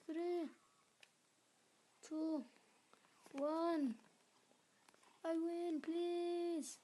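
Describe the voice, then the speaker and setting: Girl gamer talking over a mobile game, yells at her units, keeps whispering to herself, faint hiss behind. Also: sits high, a little slow, pauses often. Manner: chatty, drops into muttered whispers while playing; cheers on and scolds game units aloud. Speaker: gaming channel host. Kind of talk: casual mobile gameplay commentary.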